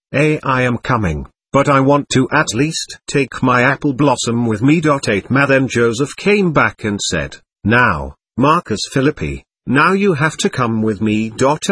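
Man, husky voice, slow measured dictation, dry close sound. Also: medium pitch, fairly bright tone, dry recording. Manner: slow, measured, dictating with spoken "dot" after sentences. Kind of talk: first-person spoken narration.

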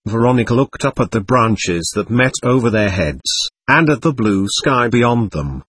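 A man narrating an audiobook in a measured, expressive way. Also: medium pitch, slightly rough.

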